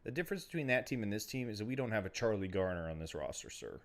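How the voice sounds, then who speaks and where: A man's voice: fairly low pitch, very animated, rapid-fire. A man hosting a podcast in a brash, profane, joking way. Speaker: podcast host. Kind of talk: casual podcast chat.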